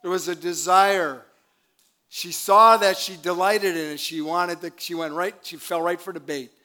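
A man's voice: sits high, steady tone, moderate pace, pushed and bright. An older man, a pastor, preaching a sermon in a church, chatty with laughing asides and calls for amen. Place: church sanctuary.

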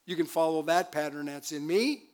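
A man's voice: fairly high pitch, brisk. An older man, a pastor, preaching a sermon in a church, chatty with laughing asides and calls for amen. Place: church sanctuary.

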